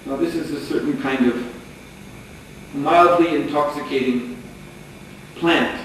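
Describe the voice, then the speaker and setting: A man giving a lecture, telling a sacred story as an animated storyteller who often chuckles. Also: a little high, slow. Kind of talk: storytelling sermon. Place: lecture hall. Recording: echoey hall, distant mic, faint noise.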